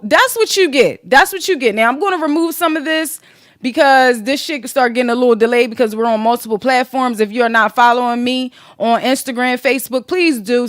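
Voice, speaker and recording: Sassy high-voiced woman podcast host. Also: dry recording, studio quality. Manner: sassy, profane, animated gossip. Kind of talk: casual commentary podcast.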